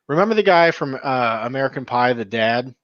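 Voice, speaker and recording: A man's voice: medium pitch, expressive, a little fast, no echo, lo-fi sound. A man hosting a casual live chat show, chatty and given to laughing, busy with his screen as he talks. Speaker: podcast host.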